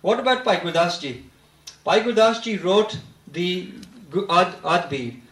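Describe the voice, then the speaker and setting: Man, religious lecture, earnest, deliberate, emphatic quoting, high voice, roomy echo. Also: animated, a bit bright. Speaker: speaker giving a religious talk.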